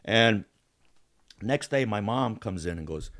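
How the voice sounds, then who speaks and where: A man's voice: on the low side, unhurried. A man telling a story in casual, profane chat, acting out what the people in it said. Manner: profane, animated, acts out quotes. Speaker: podcast host.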